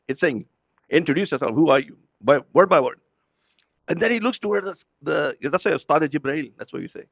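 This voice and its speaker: A man's voice: a little high, animated, fairly quick, vocal fry, a bit bright, no room sound, muffled recording. A man preaching an impassioned sermon at a mourning gathering. He fires off rhetorical questions and switches between English and Urdu.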